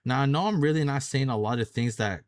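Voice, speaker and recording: A young male vlogger with a medium-pitched voice talks fast, ranting angrily about a coworker in a personal story. He curses heavily and keeps repeating himself. The audio is studio quality with no echo.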